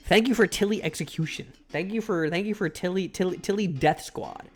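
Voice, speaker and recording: High-pitched and brisk, a man streams a game, reading it aloud and chatting irreverently with his audience. He jokes around and stops to thank chat while faint music plays underneath.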